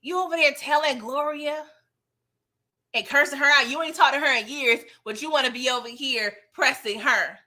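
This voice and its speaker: A man's voice: very high-pitched, moderate pace, sharp tone, full character voice. A woman voicing an indignant young man who confronts his father in disbelief. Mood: incredulous. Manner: incredulous, heated.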